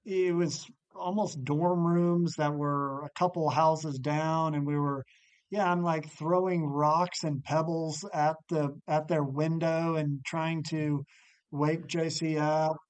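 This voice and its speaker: A man guesting on a podcast, reminiscing about college with an old friend. He talks in a halting way, often restarting, and his voice sits a little high. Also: fairly even intonation, clean tone. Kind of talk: casual storytelling chat.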